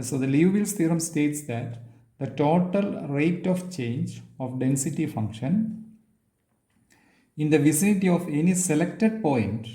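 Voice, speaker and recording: A male lecturer works through a physics theorem at a slow, deliberate pace, filling pauses with "uh" and "um" as he writes. His voice is mellow and of middle pitch. The sound is echoey, as in a bare room. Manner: halting, many fillers, restates as he writes. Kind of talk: physics lecture while writing on a board.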